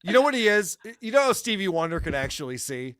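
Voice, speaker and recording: A man's voice: high voice, sing-song, quick pace, a bit bright, clear, resonant tone, no echo. Sarcastic podcast guy ranting and cursing, dry close mic, no room sound. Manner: ranting, sarcastic, swears a lot. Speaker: podcast co-host. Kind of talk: casual comedy podcast chat.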